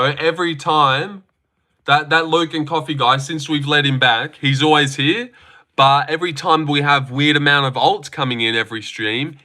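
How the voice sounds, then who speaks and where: A man's voice: mid-range voice, bright, forceful tone. A young Australian man hosting a livestream, chatting casually, joking and swearing as he reads out viewer comments. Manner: laid-back, joking, profane. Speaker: livestream host. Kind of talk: casual live chat reading comments.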